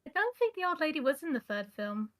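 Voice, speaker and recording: A woman's voice: sits high, big pitch swings, fast talker. A woman chatting casually on a stream, giggling and eagerly retelling film scenes. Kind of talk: casual chat.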